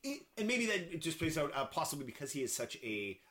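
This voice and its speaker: A man co-hosting a casual podcast chat about films, talking in halting bursts full of fillers and restarts. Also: on the high side, big pitch swings, sharp tone. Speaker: podcast co-host. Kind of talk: casual film discussion.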